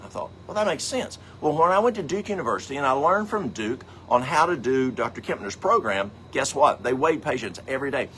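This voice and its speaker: A man's voice: medium pitch, expressive, a little fast, few pauses, fairly bright tone, a little hiss or hum. A middle-aged man, teaching a health program in a folksy, rambling way, full of asides and acted-out stories. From American South. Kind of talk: casual teaching talk.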